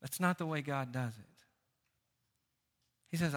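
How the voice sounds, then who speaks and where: A middle-aged male pastor preaching a sermon, animated and shifting between raised emphatic lines and quieter, lower asides. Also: moderate pace, long pauses, big-room sound.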